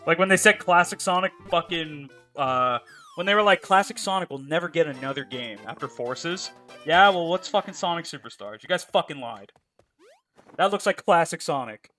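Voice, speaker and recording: Bright, joking male streamer swearing casually. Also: on the high side, lively intonation, moderate pace, soft background music. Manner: profane, joking, rambling banter. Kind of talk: casual chat while playing a game live.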